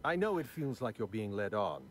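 A man's voice: lowish voice, big pitch swings, normal speed, slight background noise. An actor playing a prim, numbers-obsessed aristocratic man in video game dialogue, fussy and condescending with precise diction. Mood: dry.

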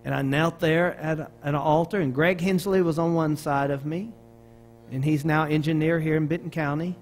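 A faint hiss or hum sits under the recording of a middle-aged Arkansas pastor preaching with a Southern American accent. His voice is a little high, his speed normal, and his storytelling animated, with frequent restarts.

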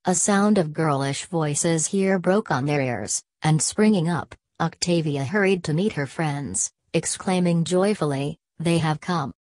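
Low-voiced woman narrating a story. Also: measured pace, hardly any pauses, a little mellow, dry recording.

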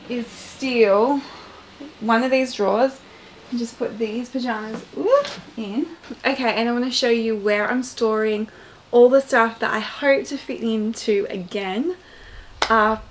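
A young Australian woman vlogging casually at home, chatty and rambling as she thinks aloud. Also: a little high. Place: bedroom at home. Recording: echoey room, faint hiss.

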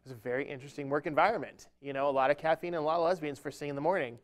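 A man's voice: a little high, fairly even intonation, rapid-fire. A man speaking at a church event, telling a humorous, self-deprecating story within a sermon-style talk.

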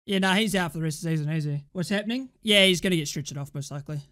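A man reacting live to a football match for his fan channel, excitable and swearing, shouting at the players. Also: on the high side, very fast.

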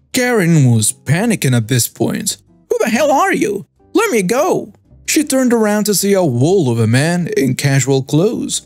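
A man reads a scripted, dramatic story and talks straight to his listeners. His voice sits slightly high and sounds dry and close, with faint music playing under it. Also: darkish tone, no room sound. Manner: addresses listeners directly, dramatic telling. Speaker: story narrator.

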